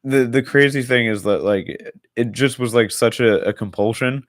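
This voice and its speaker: A man's voice: medium pitch, moderate pace, dry recording, clean studio sound. A young man co-hosting a podcast, rambling in casual chat with lots of filler words and swearing. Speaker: podcast co-host.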